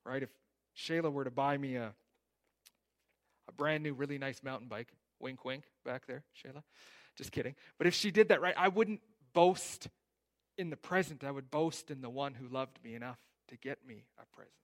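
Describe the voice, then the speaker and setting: A man preaching a sermon in a conversational way, often asking "right?", rising loud on key points and dropping soft at the ends of lines. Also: mid-range voice, fairly even intonation, normal speed. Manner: conversational preaching with frequent "right?" and rhetorical questions; rises loud on emphasis, drops soft at line ends. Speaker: pastor.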